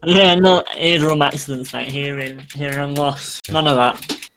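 A man's voice: on the high side, fairly even intonation, unhurried, crowd noise. A man in casual podcast chat, blunt and dismissive, tacking "mate" onto nearly every phrase.

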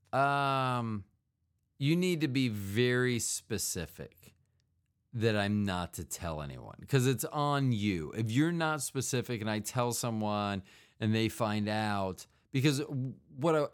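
A man with a slightly low voice hosts a solo comedic podcast. He rambles from tangent to tangent, leaning on fillers and throwing in silly mouth sound effects. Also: clean tone. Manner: rambling and digressive, with frequent fillers. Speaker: podcast host.

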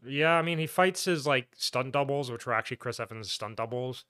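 A man's voice: medium pitch, fairly quick, bright, forceful tone, clean tone, no echo. A man co-hosting a podcast, recapping a film in a loose, rambling way with lots of "like" and laughter. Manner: rambling, laughing, full of "like" and restarts. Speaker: podcast co-host. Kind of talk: casual movie recap chat.

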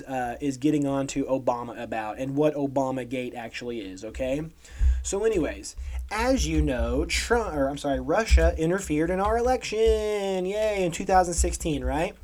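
A podcast co-host with a slightly mellow voice on the high side rants about current events. His opinionated take is sarcastic and emphatic, and he keeps tacking "okay?" onto his points.

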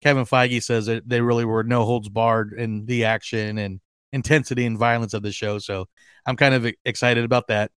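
A man hosting a fan podcast in casual chat, excitable and rambling, with lots of fillers and restarts. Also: medium pitch, normal speed, smooth, no room sound, clean studio sound. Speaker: podcast host.

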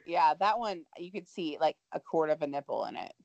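A woman's voice: low-pitched, lively intonation, a little fast, vocal fry, a little mellow, no echo. A young adult woman co-hosting a podcast in a bubbly, exclaiming casual chat. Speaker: podcast co-host.

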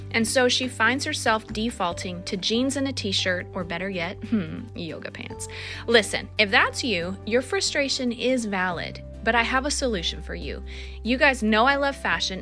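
A woman hosting a podcast, reading her own ad and chatting casually, upbeat and quick to laugh. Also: fairly high pitch, bright, forceful tone. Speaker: podcast host and stylist. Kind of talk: casual podcast talk with ad read.

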